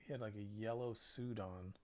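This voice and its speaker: A man's voice: fairly low pitch, fairly even intonation, normal speed, dry recording. A man co-hosting a live painting stream, chatting casually in a laid-back way and laughing easily. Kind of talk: casual chat.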